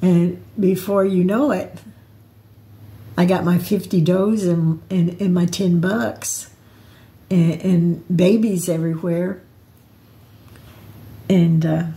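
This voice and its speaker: An older woman talks slowly and reflectively in a home vlog, wandering between memories and advice. Her low voice is gravelly and mellow, and she often restarts her sentences. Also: steady tone. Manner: rambling, reflective, with repeated restarts. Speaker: vlogger. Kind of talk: personal storytelling vlog.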